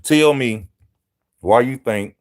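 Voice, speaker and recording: A man's voice: mid-range voice, slow pace. Brash man live-streaming boxing talk. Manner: loud street-style banter, mocking, talks straight to viewers. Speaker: boxing channel host.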